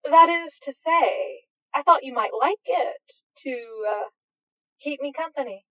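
A woman's voice: sits high, expressive, takes it slowly, a bit bright, voice pushed up, heavily acted. Aziraphale, a woman voicing a fussy, prim male angel. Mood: coy. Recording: dull, dry, lo-fi.

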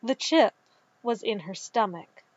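Calm woman narrator, slow measured reading, dull dry recording. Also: fairly high pitch, no echo. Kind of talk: scripted narration.

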